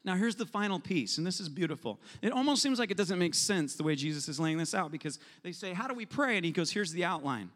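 A man preaches with a high, ringing voice, acting out prayers and little voices as he teaches. His words hang in a long hall reverb, as in a large church. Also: animated, fast, hardly any pauses, fairly bright tone. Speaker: pastor. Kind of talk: sermon.

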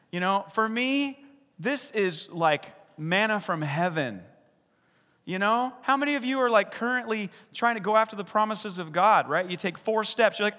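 A man preaching a sermon as pastor, animated, acting out the voices in the stories he retells. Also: sits high, normal speed. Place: church sanctuary. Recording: long reverb of a large hall.

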